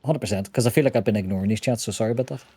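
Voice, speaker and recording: A young man hosting a casual co-op gaming stream, laid-back and quick to laugh while keeping up with his chat. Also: lowish voice, dark tone, breathy edge, no echo. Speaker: streamer and host.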